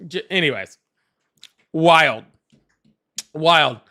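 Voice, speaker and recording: A man hosting a live political call-in stream, excitable and chatty, laughing often and thanking viewers at length. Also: a little high, drawn-out words. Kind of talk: casual live-stream chat.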